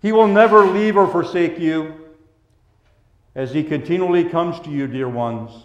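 A man preaching a sermon in a gentle, pastoral way, dropping to hushed tones and then rising to emphatic lines. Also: on the high side, normal speed, reverberant, muffled recording. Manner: gentle, pastoral, swinging between soft hushed passages and raised emphatic ones.

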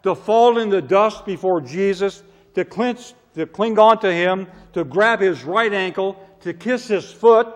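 A man preaching a sermon with emphatic delivery, his voice swelling loud and falling low. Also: unhurried. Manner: emphatic, rising to loud cries on quoted prayers, then dropping low. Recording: long reverb of a large hall.

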